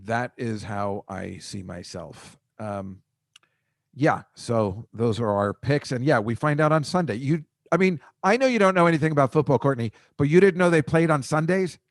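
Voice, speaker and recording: Male host, middle-aged, mid-pitched voice, dry teasing delivery, dead-dry close sound. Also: normal speed, no echo. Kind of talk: casual comedic chat.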